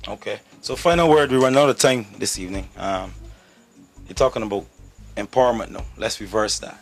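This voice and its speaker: A man hosting a casual interview show, calm and measured, with frequent soft murmurs of agreement. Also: fairly low pitch, soft background music. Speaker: show host.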